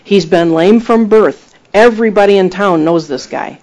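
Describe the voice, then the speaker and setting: A man preaching a sermon, retelling scripture with emphatic, animated delivery and acted-out quotes. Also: high voice, normal speed, rough recording. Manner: animated storytelling, acting out quoted voices; emphatic, rising to exhortation.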